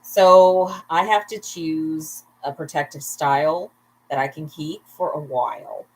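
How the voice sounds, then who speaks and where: Speaking in a low voice at a measured pace, a woman livestreams casually from home at bedtime while tipsy. She rambles, laughs a lot and keeps up chatty asides to her audience. A little hiss or hum runs through the low-quality recording.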